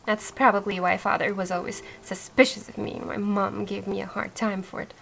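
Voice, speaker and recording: A woman voicing a gentle young deer-spirit woman from a cozy game, in a calm, confiding, slightly lowered voice while reading the dialogue aloud. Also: fairly quick, gravelly.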